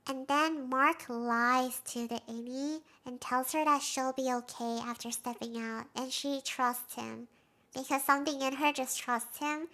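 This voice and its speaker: A woman streamer casually recapping a show, excitable, laughing often and saying "like" a lot. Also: high voice.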